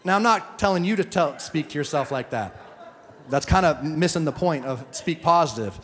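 A man's voice: on the high side, animated, moderate pace. A male pastor preaching to a congregation, joking and acting out stories as he goes. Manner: joking, storytelling, acts out quotes. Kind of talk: sermon. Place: church hall. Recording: hall reverb.

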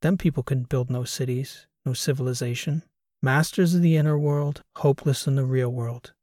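A man's voice: mid-range voice, fairly even intonation, moderate pace, warm tone, no room sound, studio quality, lightly acted. A man doing a weary, grieving old father. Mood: grim.

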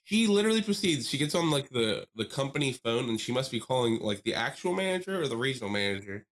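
Animated young man telling stories. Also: medium pitch, fast talker. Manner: animated storyteller, swears freely, acts out quoted people. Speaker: podcast co-host. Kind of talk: casual chat.

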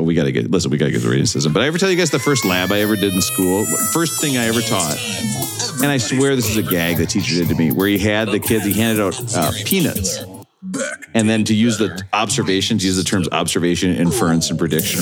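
Male podcast host, low voice, very lively delivery, faint music under it. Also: quick pace. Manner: animated, jokey, playful wordplay. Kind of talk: casual podcast banter.

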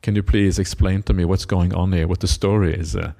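A monk giving a Buddhist dharma talk, retelling a scripture story with many "uh" fillers and acted-out quotes. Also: male voice, low voice, fairly even intonation, fairly quick, creaky, dark tone.

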